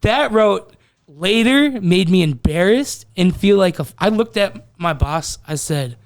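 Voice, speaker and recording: Casual lower-pitched? nah, slightly high young dude swearing his way through a work story, clear smooth tone. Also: a little slow, dry recording, studio quality. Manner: profane, animated storytelling. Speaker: podcast co-host. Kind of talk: casual chat.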